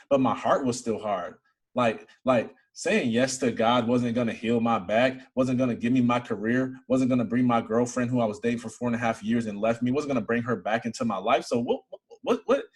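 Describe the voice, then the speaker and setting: Husky young man telling his story. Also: medium pitch, a little fast. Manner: earnest storytelling, rising to excited emphasis. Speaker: interview guest. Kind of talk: personal testimony in an interview.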